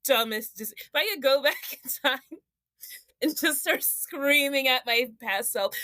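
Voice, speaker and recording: A young woman co-hosting a podcast, telling animated stories with frequent laughter and swearing. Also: high voice, a little slow, no echo. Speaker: podcast co-host. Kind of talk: casual chat.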